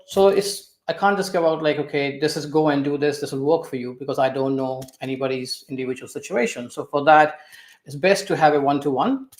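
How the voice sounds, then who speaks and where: Man calmly explaining his coaching, kinda echoey room. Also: mid-range voice. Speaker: finance coach. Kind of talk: conversational explanation. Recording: roomy echo.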